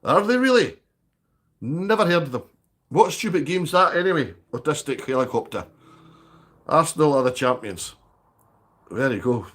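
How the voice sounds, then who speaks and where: A man's voice: mid-range voice, expressive, normal speed, long pauses, fairly bright tone. A man hosting a live stream, chatting casually and bantering with viewers by name. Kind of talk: casual livestream chat reading viewer comments.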